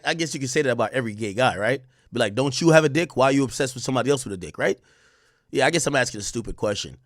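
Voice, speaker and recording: A man hosting a stream, reading court testimony aloud and reacting with profane, animated commentary. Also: medium pitch, dry recording, studio quality. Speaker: streamer host.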